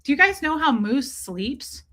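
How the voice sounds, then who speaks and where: Bright, chatty woman streamer. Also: high-pitched, sing-song, measured pace. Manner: chatty, profane, voices her pets in silly asides. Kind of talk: casual live-stream chat.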